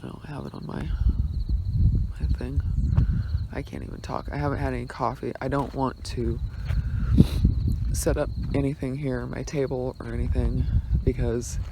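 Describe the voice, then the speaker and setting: A road-trip vlogger chats casually to camera at a forest campsite, rambling and trailing off as he holds his phone. His medium-pitched voice carries vocal fry, little pitch movement, and a normal speed. The phone audio is wind-buffeted, with crickets and wind behind him.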